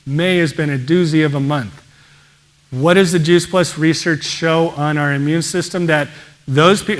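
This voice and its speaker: A man, a pediatrician, giving an energetic presentation and often exclaiming in wonder. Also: fairly high pitch. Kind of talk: enthusiastic presentation talk.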